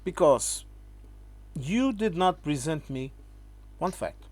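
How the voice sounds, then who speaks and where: Lecturing man, slightly high voice. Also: animated, slow pace, darkish tone, slightly rough. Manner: lecturing, keeps asking "okay?"; emphatic, addresses the viewer as "my friend". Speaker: channel host. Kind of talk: direct-to-camera rebuttal.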